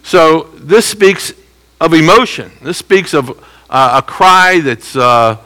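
Bright-voiced man teaching scripture. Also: a little high, expressive, rough recording. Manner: conversational teaching with frequent "okay?" check-ins; repeats key phrases slowly for emphasis. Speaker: Bible teacher. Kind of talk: expository Bible teaching.

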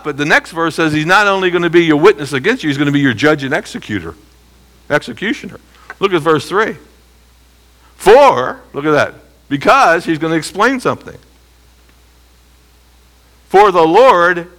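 Animated man teaching the Bible. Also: high voice. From United States. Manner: animated, keeps checking listeners with rhetorical questions.

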